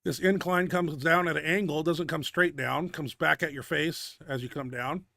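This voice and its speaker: Middle-aged male host, out of breath, gravelly and profane, dry close sound. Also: on the high side, fairly even intonation, moderate pace, pushed and bright, no echo. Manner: blunt, profane gym talk. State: winded and out of breath. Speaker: host of a powerlifting video show. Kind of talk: casual commentary over lifting videos.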